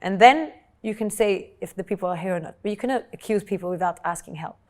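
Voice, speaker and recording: A woman, telling her own life story as an interview guest in an earnest, halting way, often repeating words when moved. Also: mid-range voice, a little mellow. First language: French. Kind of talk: emotional personal storytelling. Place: Dubai.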